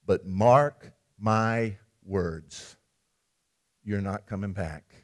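A man voicing a sarcastic, unbending ancient prophet in a retold story, speaking in a low, measured, solemn way. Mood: grave.

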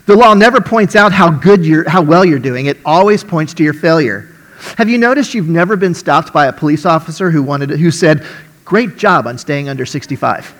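A male preacher with a fairly high voice tells a sermon story. He is animated, drops to hushed, slow lines, and builds to loud peaks.

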